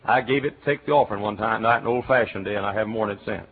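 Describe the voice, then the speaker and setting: A middle-aged man from Texas with a Texan accent, preaching a sermon as a pastor, telling stories and breaking into shouts. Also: fairly low pitch, rapid-fire, breathy edge. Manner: animated storytelling, bursts into shouts and chants. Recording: tinny phone-like recording.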